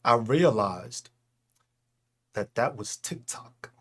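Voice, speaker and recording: A man ranting casually on a livestream, profane and laughing, swinging between loud outbursts and slow, low talk. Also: expressive. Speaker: livestream host.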